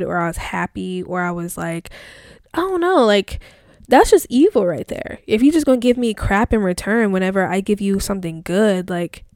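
A woman's voice: mid-range voice, a little mellow, clean tone, no echo, studio quality. A young woman vlogger chatting casually, reading her old posts aloud in a rambling, filler-heavy way.

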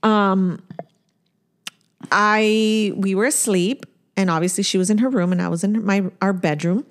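A woman's voice: medium pitch, a little slow. A woman in her forties, a podcast co-host, telling a story in casual chat and acting out the voices in it. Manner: animated storyteller, acts out voices.

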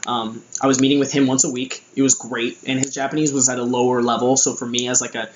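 A man's voice: mid-range voice, little pitch movement, quick pace, echoey room, lo-fi sound, a little hiss or hum. A young American man telling a casual story about his time abroad, rambling with lots of fillers and restarts. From United States. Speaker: vlogger.

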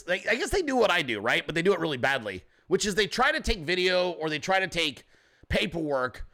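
A man hosting a podcast, with a high, bright voice that swings widely in pitch. He talks casually and profanely, cracking jokes and slipping into quick impressions of other people. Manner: profane, joking, animated mimicry of others. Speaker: podcast host. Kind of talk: casual political commentary.

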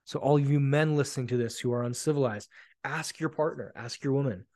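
A man's voice: mid-range voice, a little fast, darkish tone, dry recording, clean studio sound. A man in his forties hosting a solo podcast, telling stories bluntly and with frequent swearing. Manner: blunt, profane, emphatic storytelling. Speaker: podcast host.

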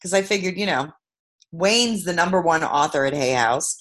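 Lowish-voiced brooklyn woman telling a story as a guest, animated, loud then hushed. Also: moderate pace. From Brooklyn, New York. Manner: expressive, swings between loud emphasis and hushed asides. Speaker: guest, author.

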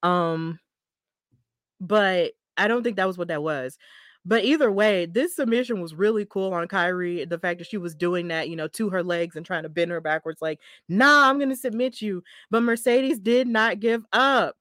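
Chatty excitable woman recapping a match. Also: lowish voice, normal speed, no room sound, studio quality. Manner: chatty, excitable, laughs often. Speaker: podcast host. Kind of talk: casual wrestling recap.

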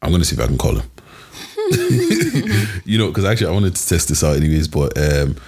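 Young guy podcast host, real low husky voice, jokey and teasing. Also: huge pitch swings, brisk, darkish tone. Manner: joking, teasing, loose slangy delivery. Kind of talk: casual chat.

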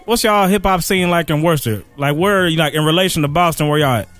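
A man's voice: fairly high pitch, fast talker, fairly bright tone, soft background music. A man hosting a podcast in a loose, slangy casual chat, laughing easily. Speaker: podcast host.

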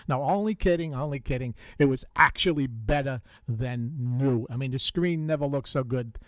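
Speaking at a normal pace with few pauses, this older Bronx-accented man has a medium-pitched voice. He hosts a radio show in a studio, trading jokes, spinning stories, and laughing easily. The sound is clean, with no room sound.

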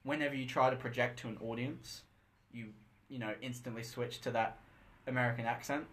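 A man's voice: mid-range voice, fairly even intonation, a little fast, fairly bright tone. A teenage boy co-hosting a casual podcast chat, blunt and teasing, who swears offhandedly and leans on fillers. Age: teens. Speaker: podcast co-host.

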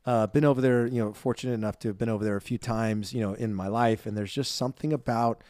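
A man's voice: mid-range voice, fairly even intonation, fast, a little mellow, dry recording. Upbeat male podcast co-host, chatty and loose, dry close recording. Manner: chatty, upbeat, filler-heavy. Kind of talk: casual chat.

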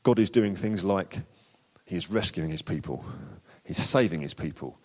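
A man's voice: sits low, animated, normal speed. A man preaching a sermon in a conversational, loosely improvised way. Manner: conversational, with frequent fillers and restarts. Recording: long church hall reverb.

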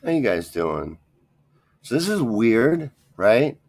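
A man's voice: mid-range voice, sing-song, takes it slowly, gravelly, a little mellow, dry recording. A man hosting a podcast on his own, talking in a rambling, profane, grumbling way. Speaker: podcast host. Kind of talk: casual solo rant.

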